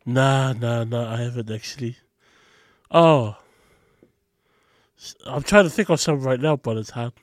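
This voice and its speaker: A man co-hosting a podcast in casual chat, telling stories and laughing loudly at them. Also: medium pitch, measured pace, long pauses, no echo, studio quality. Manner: animated, laughs loudly at his own stories. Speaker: podcast co-host.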